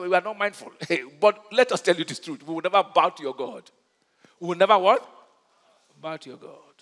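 A male pastor delivers an emphatic sermon, tossing call-and-response questions at his congregation. His voice sits high and rings bright and forceful. The sound carries the long reverb of a large church hall.

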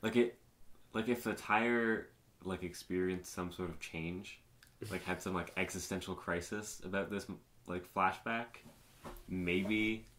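Very deep-voiced man chatting about a film. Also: steady tone, a little slow, fairly bright tone. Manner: loose, rambling, swears casually. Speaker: podcast co-host. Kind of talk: casual film discussion.

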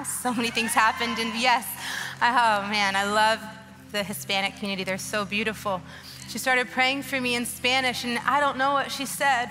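A woman in her thirties giving an emotional, earnest testimony sermon on a church stage, urging the crowd with rising urgency. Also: on the high side. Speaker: guest speaker. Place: large church auditorium. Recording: long hall reverb with soft music behind.

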